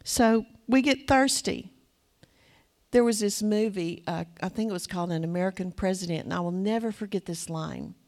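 A woman preaching a sermon in a conversational, animated way, acting out little asides to the congregation. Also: mid-range voice, moderate pace.

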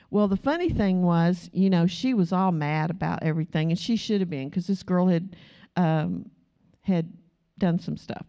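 A woman's voice: lowish voice, moderate pace, warm tone, clear, resonant tone. A middle-aged woman who teaches a church class through personal stories. She talks in a chatty way, laughs often and asks the group questions. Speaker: Bible study teacher.

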